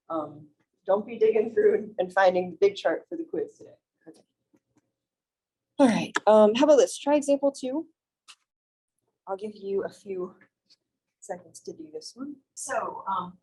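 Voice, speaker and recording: Young female instructor, warm mellow tone, friendly classroom lecture, reassuring check-ins. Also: mid-range voice, slightly rough, low-quality recording. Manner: friendly, reassuring, asks frequent check-in questions. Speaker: math instructor. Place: classroom, also streamed on video call.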